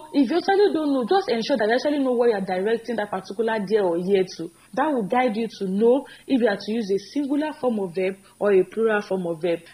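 A woman teaching English grammar in an earnest, encouraging way, repeating each example sentence slowly and with emphasis. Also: a little high, darkish tone, low-quality recording. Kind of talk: spoken grammar lesson.

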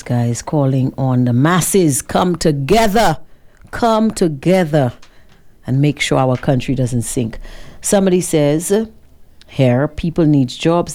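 A Saint Lucian woman hosting a call-in radio show, reading out listener comments in an animated, teasing way and laughing often. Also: low-pitched. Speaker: radio talk show host.

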